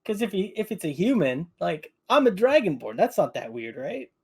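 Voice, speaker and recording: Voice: medium pitch, sing-song, moderate pace, gravelly, husky. A tabletop player describing his character's actions in an easygoing way. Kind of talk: casual tabletop play.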